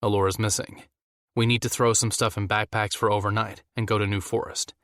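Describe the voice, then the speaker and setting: A man's voice: on the low side, level tone, brisk, fairly bright tone, no echo, clean studio sound. A man voicing a take-charge adult man who speaks firmly and urgently.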